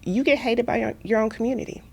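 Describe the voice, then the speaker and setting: A woman's voice: on the high side, quick pace. A woman from Kansas, an entrepreneur and author, speaking earnestly as an interview guest about her work and faith. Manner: earnest, testimonial, animated when retelling stories. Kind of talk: reflective conversational interview.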